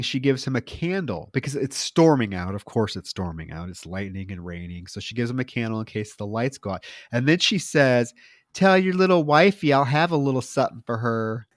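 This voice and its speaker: A man's voice: mid-range voice, dry recording, clean studio sound. A man co-hosting a podcast, recounting a film in casual chat and teasing his co-host playfully.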